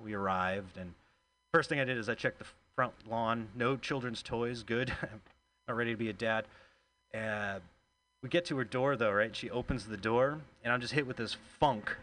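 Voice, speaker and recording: A man's voice: medium pitch, fairly bright tone, poor audio. Male stand-up comic, chatty and self-mocking, on a club mic with faint room noise. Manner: chatty, self-deprecating, laughs at own jokes. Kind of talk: stand-up storytelling.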